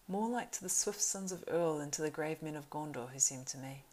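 A woman's voice: sits low, a little fast, warm tone, low-quality recording. A woman voicing a proud young male horse-lord marshal in an audiobook reading, earnest and urgent. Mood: dismayed.

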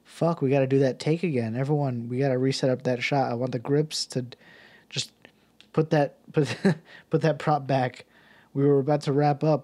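A man voicing an exasperated male film director who grumbles loudly and swears at the crew. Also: medium pitch, lightly acted.

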